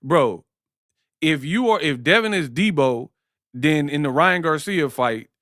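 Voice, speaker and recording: A male live-stream host who talks in slang with lively, swinging intonation and keeps up a running stream of jokes. His voice is bright and slightly raised in pitch, recorded close and dry. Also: measured pace, no echo. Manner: slangy and joking, breaks into impressions. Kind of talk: live-stream sports talk.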